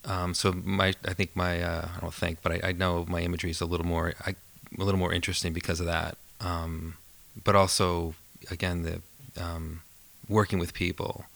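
A man, a photographer and filmmaker, talks in a relaxed, thoughtful way as a podcast guest and tells amused stories. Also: sits low, a little fast, gravelly. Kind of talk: casual podcast interview.

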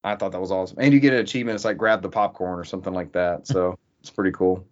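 Relaxed man casually chatting about games. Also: low voice, very fast, dull audio. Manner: relaxed, loose, swears freely. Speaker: podcast host. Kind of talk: casual gaming podcast chat.

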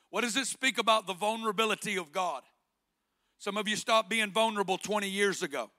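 A man's voice: high-pitched, brisk, pushed and bright. A man preaching a sermon with passion, asking rhetorical questions and building through repeated phrases.

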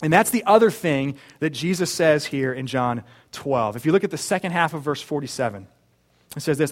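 Male pastor, earnest sermon delivery, slightly high-pitched voice, rhetorical asides. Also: sing-song, a little fast. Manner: earnest, with rhetorical questions and restarts.

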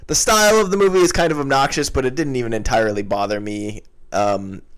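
A man co-hosting a film podcast in casual chat, measured and hesitant, often pausing on "uh". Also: mid-range voice, fairly even intonation, fairly bright tone, clean tone. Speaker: podcast co-host.

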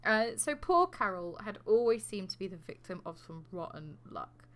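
A woman's voice: mid-range voice, big pitch swings, moderate pace, fairly bright tone. A woman co-hosting a podcast, telling a true crime story in a casual, sweary, jokey way. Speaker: podcast co-host.

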